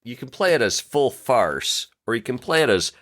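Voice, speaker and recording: A man co-hosting a role-playing podcast in casual chat, playful and quick with jokes. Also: mid-range voice, very animated, fairly bright tone. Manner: playful, quips and puts on voices. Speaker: podcast co-host.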